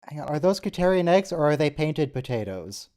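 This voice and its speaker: A man's voice: on the high side, big pitch swings, brisk, warm tone. A man co-hosting a movie watch-along, chatting casually and tossing out wry questions and jokes. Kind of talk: casual chat over a movie.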